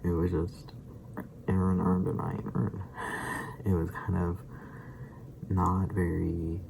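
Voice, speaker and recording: A man's voice: deep voice, vocal fry, noisy background. A man from Central Virginia chatting casually in a reaction vlog, rambling and hesitant with frequent laughs. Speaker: daily vlogger.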